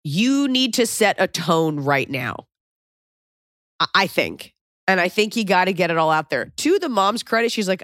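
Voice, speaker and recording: A woman hosts an advice podcast in loose, casual chat, blunt and quick to swear. She fires off question after question. Her voice sits at a middle pitch, recorded close and dry with no room sound. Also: very animated, fairly bright tone, no echo. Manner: blunt, swears freely, riffs and asks rapid questions. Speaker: podcast host giving advice.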